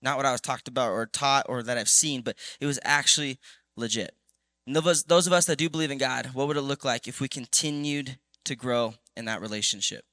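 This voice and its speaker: A man preaching to a youth group, telling a story with lively, animated asides to the crowd. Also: medium pitch, brisk, no room sound. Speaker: youth pastor. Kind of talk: sermon. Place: church youth service.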